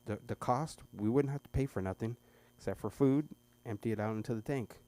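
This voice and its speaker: A middle-aged man rambles through a stand-up bit, stumbling and restarting as he goes. His voice is dark and mellow, picked up by a stage microphone at a small club. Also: medium pitch, fairly quick. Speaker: stand-up comedian at an open mic. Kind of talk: stand-up set.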